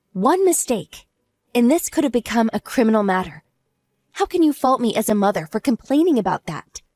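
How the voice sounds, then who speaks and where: Lady playing a smug sarcastic wife, calm and mocking, lively voice, dry close sound. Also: fairly high pitch, dry recording. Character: cool, mocking wronged wife, adult woman. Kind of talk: audio drama acting.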